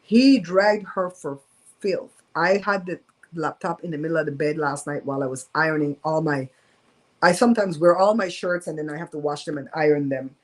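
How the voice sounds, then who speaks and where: A woman's voice: low-pitched, moderate pace, poor audio. A woman hosting a casual live-stream storytime from home, talking in a candid, emphatic and gossipy way. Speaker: host of a live show.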